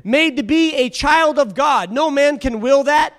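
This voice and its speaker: A man's voice: very high-pitched, a little slow, hardly any pauses, fairly bright tone. A man preaching a sermon to a congregation in church, fervent and exhorting, calling on the listeners to answer back.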